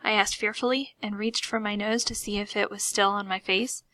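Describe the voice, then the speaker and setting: Bright-voiced woman reading a story aloud. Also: mid-range voice, normal speed, no echo. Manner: lively, expressive comic reading. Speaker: audiobook reader. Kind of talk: first-person storybook narration.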